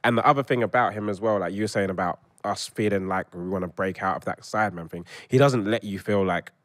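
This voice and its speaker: A man speaking as a guest in casual podcast chat, quick and agreeable, with a lot of "like.". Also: fairly low pitch, a bit bright, no room sound, studio quality.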